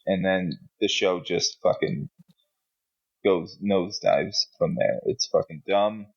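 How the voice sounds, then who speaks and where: A man with a low, gravelly voice, co-hosting a podcast in a blunt, sarcastic, cursing style. The audio sounds muffled and lo-fi. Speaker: podcast co-host. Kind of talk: casual chat.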